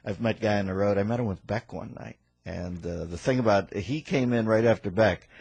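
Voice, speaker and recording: A man with a low, gravelly and husky voice hosts a radio show from a studio. He fires off quick wisecracks and offhand jokes, and the sound is dry and close. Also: a little mellow, dry recording, lo-fi sound. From United States. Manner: rapid-fire wisecracks and pop culture riffs. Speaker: radio talk show host. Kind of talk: joking radio banter.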